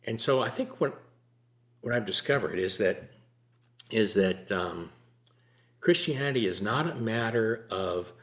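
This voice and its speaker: An older man sharing a personal faith story in a relaxed, earnest conversation, sometimes laughing as he tells it. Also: lowish voice. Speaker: guest sharing testimony. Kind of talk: conversational testimony.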